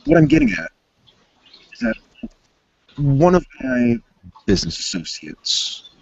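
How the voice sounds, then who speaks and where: A man's voice: on the high side, huge pitch swings, measured pace, gravelly, husky, no room sound, muffled recording, full character voice. A man voicing a courteous, formal male gangster who negotiates politely.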